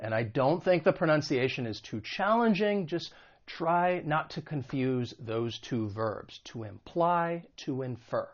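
A man teaching English vocabulary in an online video lesson. He explains patiently and slowly, giving examples as he goes. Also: on the high side, lively intonation, lo-fi sound.

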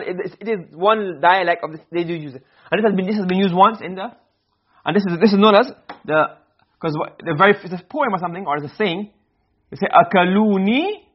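A male teacher giving a classroom lecture on grammar, explaining and then checking understanding with quick questions. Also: high voice, slightly rough, dull audio.

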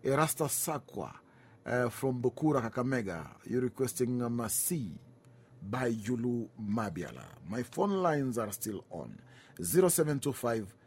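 A Kenyan man hosts a music request show on the radio. He chats in a loose, easygoing way, drops in Swahili phrases and reads out listeners' names and requests. His voice sits at an ordinary middle pitch. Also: animated, unhurried, a little mellow, slight background noise.

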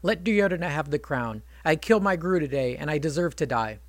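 A man's voice: fairly high pitch, lively intonation, fast, no echo, close to an everyday voice. A man doing Yudhishthira, a panicking guilt-stricken king. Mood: panicked. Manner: despairing, panicky.

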